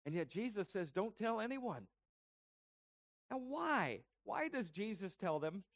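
Male pastor, sermon delivery, high pitch, explanatory and questioning, dry recording. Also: sing-song, a little slow, no echo. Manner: explanatory, asks rhetorical questions.

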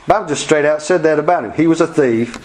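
A man's voice: fairly high pitch, quick pace, darkish tone, a little hiss or hum, poor audio. A man preaching a folksy sermon, acting out quotes and laughing between points.

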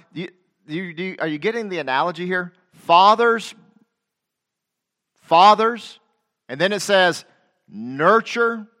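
A middle-aged male pastor preaching a sermon, asking the congregation direct questions, repeating phrases and rising to loud, emphatic scripture quotations. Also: high-pitched.

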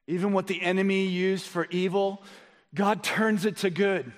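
A male pastor with a high voice delivers a sermon, firing rhetorical questions at his listeners. He moves between loud emphasis and low, quiet stretches. His words ring with the long reverb of a big hall. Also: steady tone, moderate pace.

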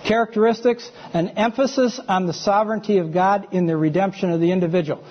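A man's voice: sits high, fairly even intonation, quick pace, highs cut off. A man giving a sermon-style teaching lecture to a congregation, conversational, often checking in with his listeners. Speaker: preacher.

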